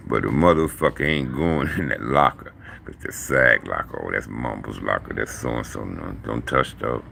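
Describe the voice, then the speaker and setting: Deep gravelly man telling stories. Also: a little hiss or hum. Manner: profane, slangy, animated retelling. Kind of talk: casual storytelling.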